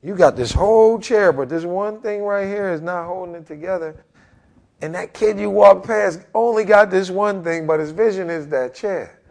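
A basketball coach in his forties talks through an interview with a gravelly, somewhat high voice. He drives his stories with animated energy and plays out other people's lines with sudden swings in pitch. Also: normal speed. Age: 40s. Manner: animated, acts out quotes with big pitch jumps.

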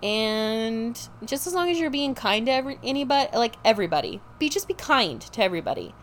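A woman's voice: fairly high pitch, sing-song, brisk, a little hiss or hum. A young woman hosting her own show, chatting casually, giggly and emotional, tired and a bit hyper. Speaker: podcast host. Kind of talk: casual solo chat.

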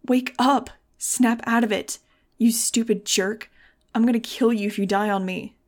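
A woman voicing a fierce, desperate teenage girl in an audiobook, yelling frantically. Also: on the high side, fairly even intonation, unhurried, lightly acted. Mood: frantic yelling. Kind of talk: audiobook character voice.

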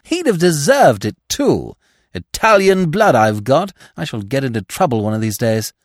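A man's voice: medium pitch, sing-song, moderate pace, dry recording, clean studio sound, close to an everyday voice. A man voicing a brash, teasing young actress who talks in a chatty, slangy way, read as an audiobook character.

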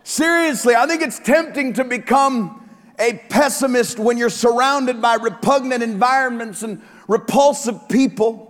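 A man's voice: very high-pitched, measured pace, a bit bright, big-room sound. A man preaching a sermon as pastor, joking with the congregation and driving points home emphatically.

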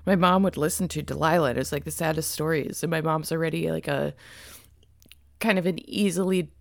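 A woman chatting on a podcast right after waking, her voice low with a gravelly fry. She rambles and giggles, swearing casually. The sound is close and dry. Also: steady tone, brisk, dry recording. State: just woken up, morning voice. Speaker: podcast co-host. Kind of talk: casual chat.

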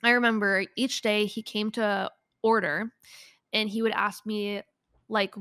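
Young woman podcast host, mid-pitched, chatty and casual, laughs a lot, dry close sound. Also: moderate pace, fairly bright tone, dry recording. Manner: chatty, laughs often, lots of "like". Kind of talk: casual solo podcast storytelling.

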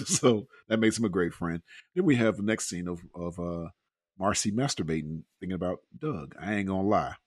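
A man's voice: sits low, lively intonation, moderate pace, husky, dry recording, clean studio sound. A man co-hosting a podcast, recapping a movie in casual chat, laughing often and acting out lines from scenes. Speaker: podcast co-host.

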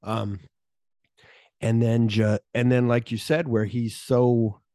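A man's voice: medium pitch, flat delivery, slow, warm tone, dry recording, clean studio sound. A man co-hosting a casual movie podcast, retelling scenes animatedly and swearing freely. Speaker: podcast co-host.

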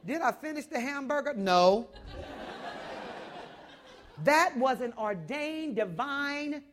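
A woman preaching a sermon, telling a story loudly, then dropping to a hush and rising again. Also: high voice. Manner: loud, swings between hushed and shouting.

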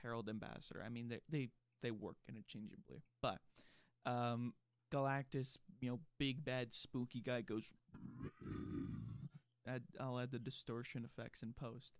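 A man's voice: mid-range voice, fairly even intonation, moderate pace, no echo. Casting: male podcast co-host, casual and rambling, dry close sound. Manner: rambling, filler-heavy storytelling. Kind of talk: casual chat.

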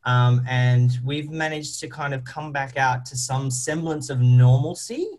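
A man's voice: mid-range voice, fairly even intonation, unhurried, a little mellow. Man, Australian accent, actor being interviewed, chatty, upbeat, filler words. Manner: chatty and upbeat, lots of "um" and "you know". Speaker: stage actor guest. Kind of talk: casual interview answers.

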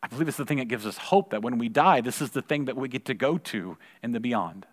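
A man's voice: medium pitch, fast. Man preaching in a reverberant hall. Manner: conversational storytelling, repeats words when excited. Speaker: pastor. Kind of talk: sermon with personal story. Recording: long reverb of a large hall.

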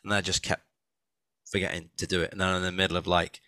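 A man, an author and audiobook narrator, chatting as a guest in an animated, rambling way with many restarts. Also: sits low, fast, dry recording. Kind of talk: casual conversation.

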